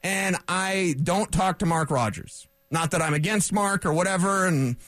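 A man talking sports on radio, opinionated and sarcastic, rambling through quick asides. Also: high voice, fairly bright tone, no echo. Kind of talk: opinionated sports talk monologue.

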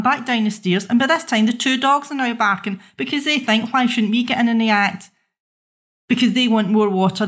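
A young woman with a Scottish accent talks about her chaotic home life. She sounds fed up and rants, and her voice sits a little high for a woman. She piles up one complaint after another. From Scotland. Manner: exasperated, ranting, exclamatory. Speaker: mother telling her story. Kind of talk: monologue.

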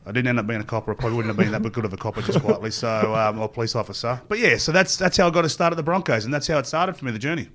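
A man's voice: mid-range voice, racing, hardly any pauses, fairly bright tone, a little hiss or hum. A middle-aged man with an Australian accent, a former rugby player telling long rambling stories as an interview guest and acting out what others said. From Queensland, Australia. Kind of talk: storytelling interview.

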